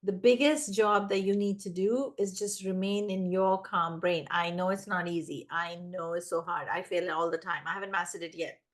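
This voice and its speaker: Woman, parenting expert, casual conversation, animated, acts out voices. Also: on the low side, normal speed, hardly any pauses.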